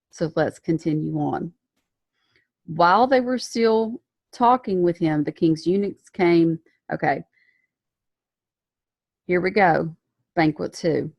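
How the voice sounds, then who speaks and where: A woman's voice: on the low side, vocal fry, darkish tone, no room sound, clean studio sound. A woman giving a casual Bible lesson, retelling the story in a chatty way with slang and frequent self-corrections. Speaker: Bible teacher.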